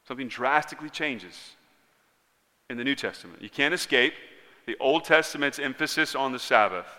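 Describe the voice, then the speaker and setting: A man preaching in a church sanctuary, his bright, forceful voice carrying a long reverb through the large hall. He preaches earnestly, rising to loud emphasis and then dropping to near-quiet lines. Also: mid-range voice, lively intonation, moderate pace. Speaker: pastor. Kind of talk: sermon.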